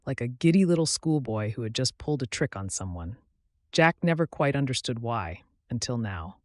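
A man narrating his own story like an audiobook, reading at a measured, steady pace. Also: mid-range voice, no echo, studio quality.

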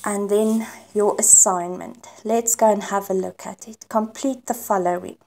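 South African woman, English teacher; slow, patient delivery, walking through examples for the class. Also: mid-range voice, fairly even intonation, vocal fry, a little mellow. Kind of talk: online grammar lesson.

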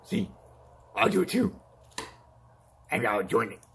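A man's voice: a little high, big pitch swings, a little slow, vocal fry, slight background noise, full character voice. A man voicing a boastful, whiny male clown villain in a toy-figure fan play, pleading and taunting by turns and yelping in pain.

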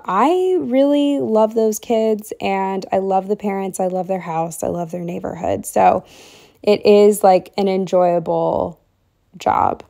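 A young woman with a mellow, relaxed tone talks through her week in a casual, rambling way, full of likes and ums. She sounds a little short of breath as she goes. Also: medium pitch, gravelly. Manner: chatty, rambling, lots of fillers. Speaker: planner vlogger. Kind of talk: casual planner walkthrough voice-over.

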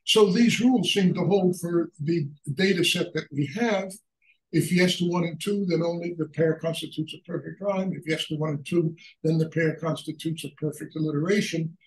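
An older man giving a halting academic lecture on poetry, full of fillers and restarts. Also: a little high, far from the mic. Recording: echoey room, speaker away from mic.

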